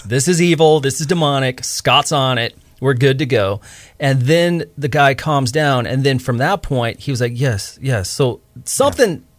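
Man, interview guest, quick retelling, dry close mic, mid pitch. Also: animated, dry recording. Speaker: ministry guest. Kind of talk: conversational interview.

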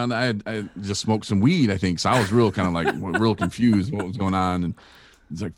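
A man who used to work in radio, telling an animated anecdote and acting out the quoted people with big vocal jumps. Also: fast talker, no room sound. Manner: acts out the quotes with big jumps in pitch, laughing. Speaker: podcast guest and former radio colleague.

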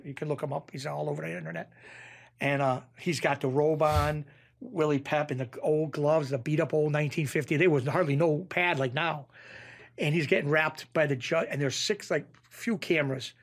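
A man from Springfield, Massachusetts, guesting on a talk show. His voice sits slightly high for a man. He tells his story in a loose, animated ramble, stopping and restarting as he acts out what others said. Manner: rambling, animated, full of restarts and acted-out lines. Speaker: guest, former mob associate. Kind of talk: casual storytelling.

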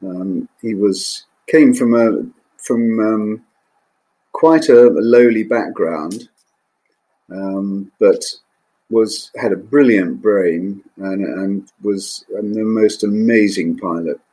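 An older man, a former naval pilot, recalling his flying days in an interview, measured and hesitant with frequent ums. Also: on the low side, warm tone. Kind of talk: interview recollection.

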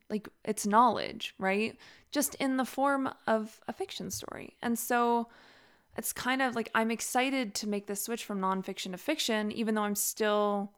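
A woman's voice: mid-range voice, smooth. A young woman hosting a casual solo podcast, chatty and rambling, with many "like"s and easy laughter. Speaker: podcast host and author.

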